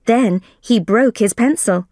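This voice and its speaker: A woman reading a graded story aloud for English learners, careful and deliberate. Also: fairly high pitch, dark tone, no echo, clean studio sound.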